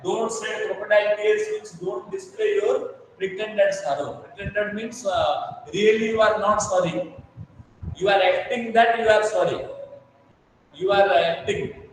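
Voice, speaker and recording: A man's voice: high-pitched, lively intonation, unhurried, a little hiss or hum. A man teaching a class, explaining patiently with much repetition and checking that students understand. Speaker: English teacher. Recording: echoey room, mic far off.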